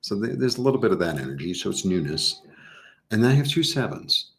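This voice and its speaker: A middle-aged man chatting casually through a live tarot reading, rambling with animated asides. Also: lowish voice, fairly quick, creaky. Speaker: tarot reader.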